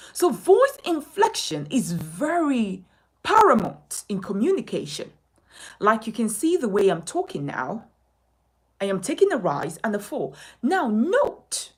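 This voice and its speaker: A woman's voice: on the high side, slightly rough. A woman teaching a live-streamed lesson as a communication coach, emphatic, asking questions and answering them herself. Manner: animated, emphatic, asks and answers its own questions. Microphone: phone.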